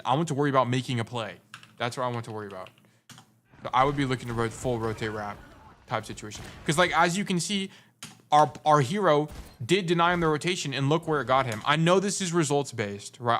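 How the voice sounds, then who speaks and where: A man's voice: medium pitch, a bit bright. A young adult man giving casual gameplay review commentary as a coach, blunt and teasing, repeating his points for emphasis. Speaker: game coach.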